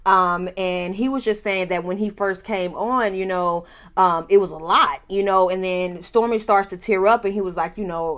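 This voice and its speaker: A woman giving a sassy, animated, casual recap of a reality show, laughing often and talking straight to her viewers. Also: fairly low pitch, normal speed.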